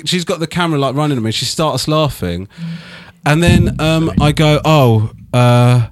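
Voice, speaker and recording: A man's voice: on the high side, normal speed, no room sound. A British man from England telling a rambling anecdote in casual podcast chat, swearing freely and checking in with "do you know what I mean".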